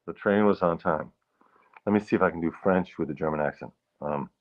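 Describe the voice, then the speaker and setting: Man, very low voice, casual livestream host, rambling and punning, clears throat a lot, muffled lo-fi sound. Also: brisk. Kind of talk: casual solo livestream chat.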